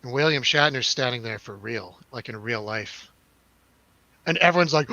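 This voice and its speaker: Young male co-host, animated storyteller, bright tone, dry close mic. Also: a little high, moderate pace, no echo, dull audio. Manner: animated storyteller, swearing, acts out quotes. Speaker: podcast co-host. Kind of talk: casual chat.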